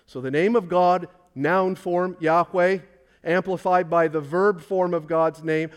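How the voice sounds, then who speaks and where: A male pastor delivering a sermon with a somewhat high-pitched voice. He preaches emphatically, dropping to soft asides and then climbing to loud, stressed declarations. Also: fairly even intonation, unhurried, clean tone.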